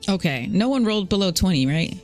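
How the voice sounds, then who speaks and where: A woman's voice: medium pitch, lively intonation, fast, darkish tone, faint music behind. A woman narrating as game master of a tabletop game, chatty and often correcting herself mid-sentence.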